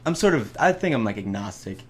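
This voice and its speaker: A man's voice: on the low side, big pitch swings, fast talker, a loud crowd. A young man co-hosting a casual podcast, meandering through an anecdote, laughing and swearing often. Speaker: podcast co-host. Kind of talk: casual chat.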